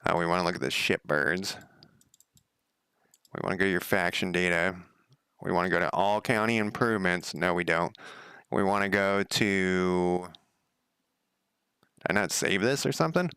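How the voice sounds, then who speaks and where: Deep gravelly-voiced man coding aloud. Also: normal speed, long pauses, sharp tone, no room sound, clean studio sound. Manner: rambling, self-talking, laughs at himself. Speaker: game developer streaming his coding. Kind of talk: casual live coding commentary.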